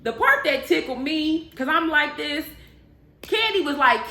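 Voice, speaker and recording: A woman vlogger talks through a reality-show recap in a loose, chatty way, leaning hard on emphasis as she tells the story. Her voice sits a little high. The room around her echoes. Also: expressive, measured pace, bright, forceful tone. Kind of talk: casual spoken recap.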